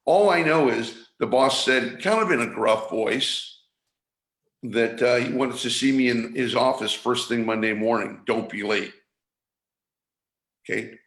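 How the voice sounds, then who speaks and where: A man mentoring listeners on energy awareness, speaking in a teaching manner and acting out anxious inner thoughts in a higher voice. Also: measured pace, a bit bright. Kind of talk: motivational teaching talk. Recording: roomy echo.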